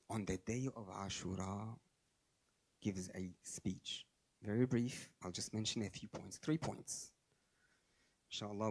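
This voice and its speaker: A man giving a sermon, telling stories and moving between quiet low asides and raised emphatic lines, with Arabic religious phrases mixed in. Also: husky. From Australia. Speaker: speaker at a religious gathering.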